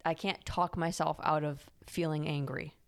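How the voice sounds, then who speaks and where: A woman's voice: deep voice, steady tone, normal speed. A young woman co-hosting a podcast in casual chat, frank and candid, a little self-mocking. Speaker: podcast co-host.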